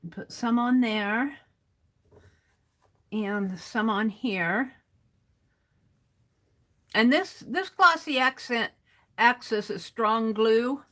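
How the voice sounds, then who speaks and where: Very slow and leaving long pauses, a woman with a fairly high, sharp-toned voice hosts an art livestream at her desk. She chats with viewers and narrates her crafting in a casual demo.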